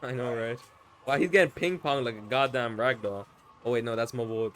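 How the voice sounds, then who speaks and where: A man doing casual live commentary on a fighting game, loud and teasing, swearing freely. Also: mid-range voice, brisk, slight background noise. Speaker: esports commentator.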